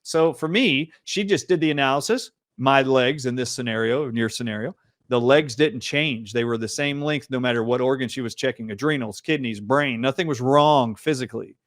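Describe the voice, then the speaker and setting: A middle-aged man hosting a talk show, telling a personal story in an animated, emphatic way and acting out the dialogue. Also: medium pitch, normal speed, dry recording, studio quality. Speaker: show host. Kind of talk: storytelling in a casual interview.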